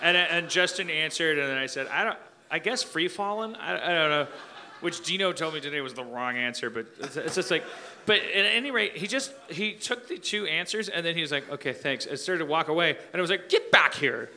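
A man with a very bright, slightly high voice rambles through stories while hosting a live comedy podcast. He bounces between asides and restarts and slips into mock-sung lyrics, with an audience laughing along in the venue. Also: expressive, a little fast, a little hiss or hum. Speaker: podcast host.

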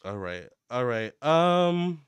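A man giving a casual psychic tarot reading to camera, chatty and excitable as he relays what he picks up in a running commentary. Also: medium pitch, slow pace, clean tone, dry recording, clean studio sound. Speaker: tarot reader and medium.

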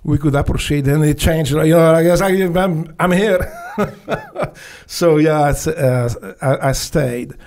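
A middle-aged man from Poland with a Polish accent, a podcast guest telling stories casually, animated and swearing freely. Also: a little high, a little slow, creaky. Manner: animated, swears freely, acts out dialogue, laughs often. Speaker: podcast guest, former Navy SEAL. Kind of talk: storytelling in a casual interview.

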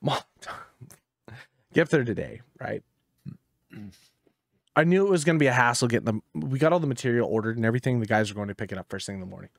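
A young man co-hosting a podcast, telling work stories in casual chat, animated, laughing often and swearing freely. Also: mid-range voice, fast talker, creaky, long pauses, dry recording, clean studio sound. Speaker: podcast co-host.

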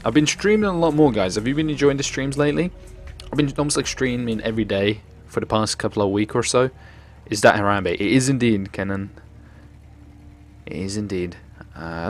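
A young man giving excitable live commentary on his gameplay stream, joking with chat and swearing. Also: on the low side. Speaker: gaming streamer.

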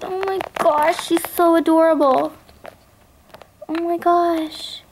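A young woman vlogging an unboxing of toys she got in trades, gushing and excitable, often gasping with delight. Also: very high-pitched, slow, a little hiss or hum. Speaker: toy collector vlogger. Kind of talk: unboxing vlog.

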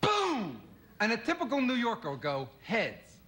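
A man from Philadelphia doing a stand-up routine as a guest comedian, firing off quick observational jokes and quoted voices. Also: extremely high pitch, wildly swooping pitch, very noisy. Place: television studio with audience.

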